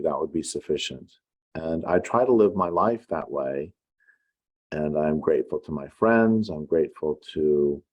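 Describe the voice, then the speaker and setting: A middle-aged man, an author, telling a story in an unhurried, reflective way with wry asides. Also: sits low, a little mellow. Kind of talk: casual spoken essay.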